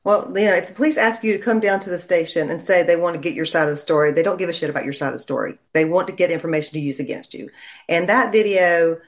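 A woman, a lawyer chatting in an interview and telling stories in a lively way. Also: lowish voice, quick pace. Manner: chatty storyteller, animated when quoting people. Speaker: lawyer and legal commentator. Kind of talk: casual interview chat.

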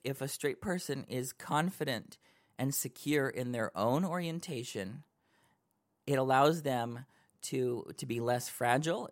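A man with a middle-pitched voice gives wry, earnest opinions on a casual podcast. He talks freely, in an everyday conversational way. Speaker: podcast co-host.

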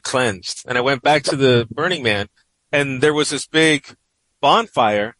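A man's voice: mid-range voice, a bit bright, no echo, rough recording. A man in his forties from New York, a guest columnist telling a personal story in a radio interview, reflective and rambling with many "you know"s.

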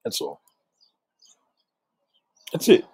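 A man telling street stories in a casual monologue, animated, acting out the voices of the people he describes. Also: drawn-out words, no echo.

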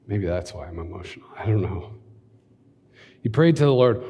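A man's voice: fairly high pitch, animated, fast, creaky, a little mellow. A man preaching and reading scripture aloud, breaking in with conversational asides and leading a prayer. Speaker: pastor. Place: church hall. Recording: long hall reverb.

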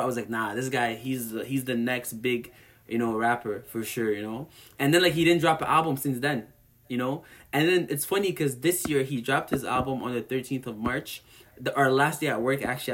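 Brief male co-host, casual music chat, excitable and rambling, filler-heavy. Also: medium pitch.

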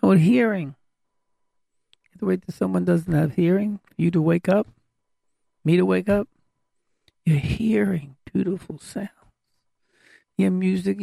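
A man's voice: sits high, vocal fry, warm tone, dry recording, clean studio sound. A man giving an emphatic, repetitive sermon as a religious teacher.

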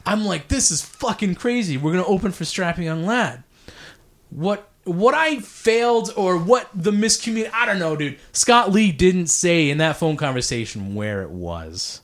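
A man hosting a casual podcast chat, his voice a little higher than most and swinging widely in pitch. He rambles through a story full of curses and side tracks, stopping to say sorry for ranting. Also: moderate pace. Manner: profane, rambling, animated, apologizes for ranting.

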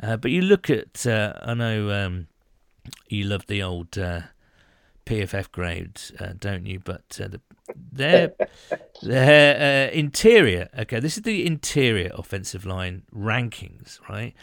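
Male podcast co-host, lowish pitch, dry close mic, loose and rambling delivery. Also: expressive, unhurried, gravelly, no room sound. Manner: rambling, many fillers and restarts. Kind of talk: casual sports chat.

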